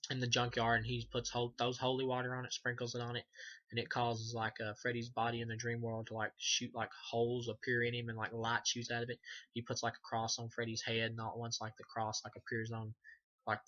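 A man's voice: mid-range voice, fairly bright tone, highs cut off. A man giving a casual, rambling spoken review of a horror film, swearing often and filling gaps with "like" and "um". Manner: rambling, profane, many fillers. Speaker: movie reviewer.

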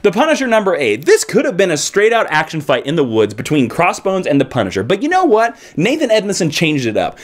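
A man from Kansas reviews comic books in a casual, enthusiastic way. His somewhat high voice swoops up and down with lively emphasis. He keeps the chat energetic and opinionated. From Kansas, United States.

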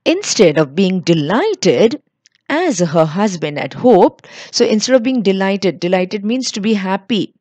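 A woman's voice: medium pitch, very animated, measured pace, darkish tone, dry recording. Woman explaining a story. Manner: reads lines then explains word meanings. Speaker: teacher.

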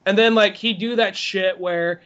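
A man co-hosting a podcast, telling animated stories in casual chat with plenty of swearing. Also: sits high, unhurried, muffled recording. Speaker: podcast co-host.

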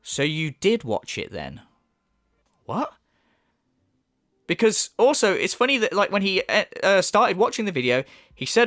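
Man, sarcastic profane rant, lively swooping pitch, dry close sound. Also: moderate pace, dry recording. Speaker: YouTube commentator. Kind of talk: angry reaction commentary.

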